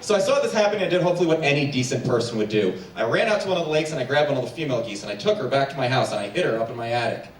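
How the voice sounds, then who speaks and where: A man from New Jersey doing a stand-up comedy set with quick crowd work on a theater stage. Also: mid-range voice. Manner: quick crowd work, animated voices for pets. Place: theater stage before a packed house. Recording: echoey stage sound from far off, audience noise.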